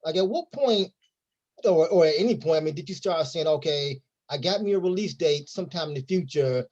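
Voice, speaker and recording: A man's voice: on the high side, brisk, darkish tone, highs cut off. A man hosting an interview who asks long questions in a loose, rambling way and restarts his words. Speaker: interview host.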